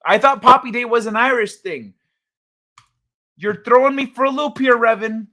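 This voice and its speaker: A man with a very high-pitched voice, bright and forceful, speaks at normal speed as he hosts a casual livestream from home. Using a desk mic, he reads chat aloud, jokes crudely and keeps rambling and restarting.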